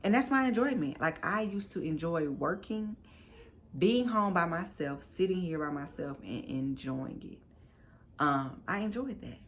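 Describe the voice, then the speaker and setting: A woman in her thirties talks to her camera as a vlogger, telling a personal story in a candid, chatty, emphatic manner. Her voice sits fairly low for a woman, and a faint hiss runs under it. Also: lively intonation, a little slow. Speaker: vlogger and new mom.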